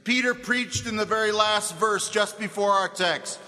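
A man's voice: high-pitched, normal speed, sharp tone. A man preaching a sermon, fervent and accusing, voicing the crowd's cries with drama. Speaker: pastor. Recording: reverberant hall.

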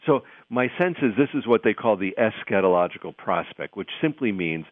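Professor on a tinny phone line. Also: male voice, fairly low pitch, lively intonation, no room sound. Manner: thoughtful, halting, many restarts. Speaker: seminary professor, guest. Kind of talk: radio interview, explaining scripture.

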